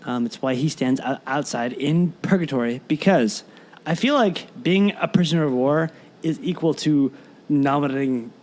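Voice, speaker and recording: A man co-hosting a podcast in casual chat, animated and rambling, often stumbling over his words. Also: fairly high pitch, moderate pace. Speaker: podcast co-host.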